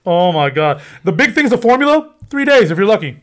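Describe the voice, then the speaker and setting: A man's voice: high-pitched, very animated, brisk, a bit bright. A man co-hosting a podcast in casual chat, joking and making playful nonsense sounds. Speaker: podcast co-host.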